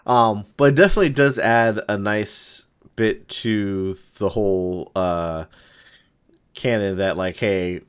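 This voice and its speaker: A man's voice: fairly low pitch, slow, clean tone. A man in casual chat as a podcast co-host, rambling with lots of fillers. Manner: rambling, lots of ums and likes.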